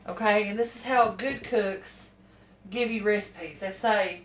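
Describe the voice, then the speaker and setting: Folksy and chatty, a home cooking vlogger speaks at a measured pace in a medium-pitched voice, fretting out loud as she fumbles. She is recorded off-mic in an echoey kitchen with clattering pans and slight background noise.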